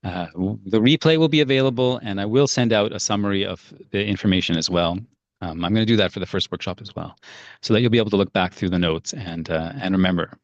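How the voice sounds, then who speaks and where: A man's voice: on the low side, no room sound, dull audio. A man leading a parenting workshop, talking casually and telling stories, with fillers and restarts. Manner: conversational, storytelling, frequent fillers and restarts.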